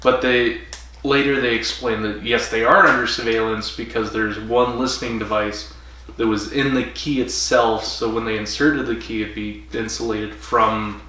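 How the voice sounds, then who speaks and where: Bright-voiced man in an echoey room. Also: mid-range voice, flat delivery, normal speed. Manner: upbeat, chuckling, chimes in with notes. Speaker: podcast co-host. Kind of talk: casual chat. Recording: echoey room, distant mic, faint background hum.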